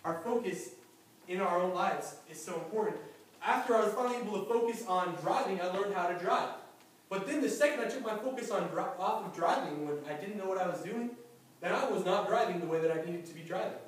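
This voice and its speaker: A man preaching, telling a story in a lively, anecdotal way with light chuckles, recorded from a distance in a church sanctuary. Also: sits high, fairly quick. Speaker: pastor. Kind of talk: sermon storytelling. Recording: very echoey church hall from far off, faint noise.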